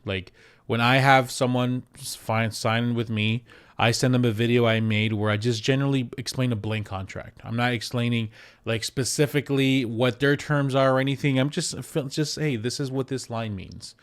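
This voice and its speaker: A man who works as a real estate agent, giving casual advice to camera in an animated way, repeating words for emphasis and acting out quotes. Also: medium pitch, moderate pace, clear, resonant tone. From United States.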